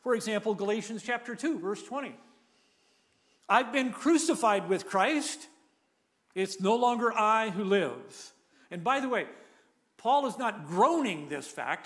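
High, lively-voiced male preacher. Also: measured pace. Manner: emphatic, repeats key phrases, leads the audience in repeating lines. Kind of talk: sermon.

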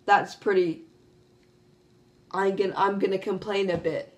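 A woman giving casual, excitable commentary as she opens card packs, calling out reveals and laughing often. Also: medium pitch, unhurried, long pauses. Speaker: gaming YouTuber. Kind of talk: casual pack-opening commentary. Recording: faint background music.

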